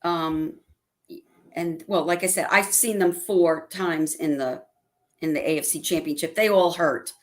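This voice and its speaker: A middle-aged woman chatting casually on a video call, telling animated stories and acting out her family's lines. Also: low-pitched, a little slow. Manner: animated storytelling, acts out family quotes. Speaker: guest fan. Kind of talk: casual livestream chat.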